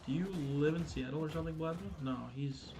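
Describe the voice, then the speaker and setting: A man's voice: a little high, fairly even intonation, fast, over music. A man hosting a casual gaming livestream, chatting loosely with viewers, swearing and stumbling over restarts and fillers. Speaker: livestream host.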